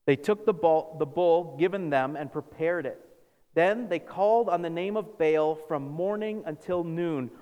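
Pastor preaching in a reverberant hall. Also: male voice, fairly high pitch, measured pace. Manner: animated, acts out scripture with sarcastic voices. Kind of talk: sermon. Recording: long reverb of a large hall.

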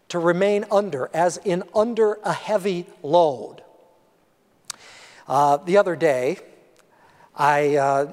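Male pastor, unhurried, chatty and animated sermon, ringing church hall. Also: high voice. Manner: conversational, animated preaching with asides. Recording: long hall reverb.

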